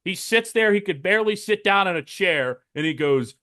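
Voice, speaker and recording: A man's voice: sits high, expressive, normal speed, pushed and bright, no room sound, studio quality. A man co-hosting a fan sports podcast, ranting and mocking with impressions and swearing in casual chat. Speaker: podcast co-host.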